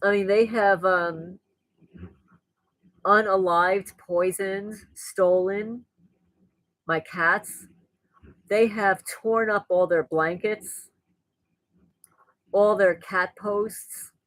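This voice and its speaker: This is a woman host speaking casually to her audience at an ordinary pitch. She is frank and rambling, blunt and openly angry, and her voice has lost its sweetness. The recording is close and dry. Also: steady tone, extremely slow, pauses often, dry recording, low-quality recording. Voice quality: voice no longer sweet, rougher than before. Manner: frank, rambling, laughs at her own jokes. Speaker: channel host. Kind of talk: casual monologue to viewers.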